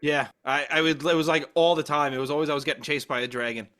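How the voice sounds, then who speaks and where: A man co-hosting a podcast in easygoing chat, quick with teasing jokes. His voice is fairly high for a man, with a bright, forceful edge that cuts through. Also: steady tone. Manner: joking, teasing one-liners. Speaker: podcast co-host. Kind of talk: casual chat.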